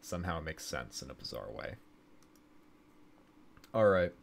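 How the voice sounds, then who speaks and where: Man, very deep voice, streamer, reads game story text aloud, stumbles and self-corrects. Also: very animated, moderate pace, creaky, slight background noise.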